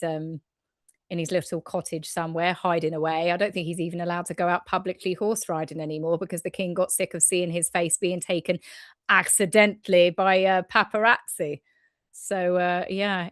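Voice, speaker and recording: A woman's voice: lowish voice, fairly bright tone, no echo, clean studio sound. A woman co-hosting a casual talk show, giving her opinions with laughs. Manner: opinionated, laughs between remarks. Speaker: co-host. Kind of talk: casual chat.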